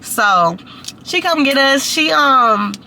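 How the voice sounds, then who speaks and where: A woman's voice: high voice, animated, takes it slowly, pushed and bright, a little hiss or hum. A young woman telling a casual storytime, chatty and full of slang and fillers. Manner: chatty, heavy use of "like" and slang. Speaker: vlogger.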